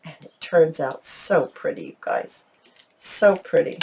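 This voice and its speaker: A woman's voice: deep voice, measured pace, gravelly, warm tone, a little hiss or hum. A middle-aged woman hosting a casual craft tutorial, gushing with enthusiasm and talking straight to her viewers. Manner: gushing, enthusiastic, talks to viewers as "you guys". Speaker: crafting channel host.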